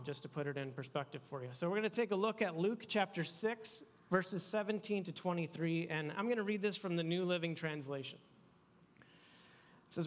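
A youth pastor with a high-sitting, fairly bright voice preaches to a young crowd in a casual, conversational manner, frequently restarting his words. A long hall reverb surrounds the recording.

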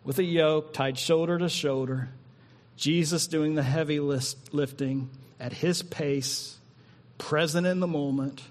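A man preaching as a pastor, then slowing into an unhurried prayer with long pauses. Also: on the high side, fairly even intonation. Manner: slow, drawn-out reading and prayer with long pauses. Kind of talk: sermon. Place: church hall. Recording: long hall reverb.

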